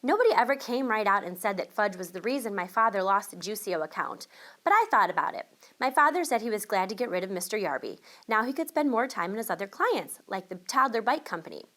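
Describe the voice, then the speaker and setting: A woman teacher reading a children's picture book aloud to young listeners, expressive and switching voices for the child and the mother. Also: mid-range voice, fast. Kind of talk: children's storybook read-aloud.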